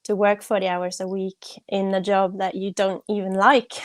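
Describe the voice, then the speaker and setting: A woman's voice: medium pitch, steady tone, measured pace, no room sound. Earnest reflective woman guest, dry sound. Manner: earnest and reflective, with soft laughs. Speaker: podcast guest. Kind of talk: casual conversation.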